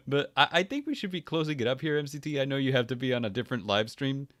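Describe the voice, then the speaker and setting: A man's voice: medium pitch, a little fast, no echo. An American man with a mid-range voice hosts a podcast in casual chat and laughs often. The recording is dry and close, with no room sound. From United States. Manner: laughs often, relaxed and friendly. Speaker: podcast host.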